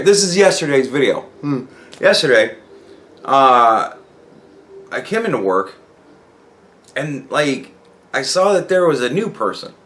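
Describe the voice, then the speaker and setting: A man's voice: mid-range voice, fairly bright tone. A young man telling a work story in a casual, profane rant, acting out the dialogue. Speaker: vlogger.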